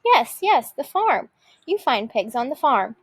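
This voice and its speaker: A woman voicing a grouchy, hungry old witch who screeches and shouts. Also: high-pitched, expressive, normal speed. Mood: excited.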